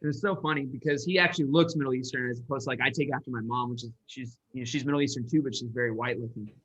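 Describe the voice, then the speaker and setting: Man, from Michigan, earnest rambling storyteller, bright voice, muffled lo-fi sound. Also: medium pitch, fairly even intonation, very fast, breathy edge. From Michigan, USA. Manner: earnest, rambling with many restarts. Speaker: guest, entrepreneur and sales coach. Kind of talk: personal storytelling in a podcast interview. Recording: dull lo-fi audio.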